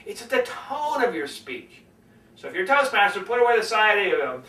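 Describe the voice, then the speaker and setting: A man coaching public speaking in a lively lesson, demonstrating different tones of voice as he explains. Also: high voice, moderate pace, roomy sound, distant mic, rough recording. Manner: animated, demonstrates tones by acting them out.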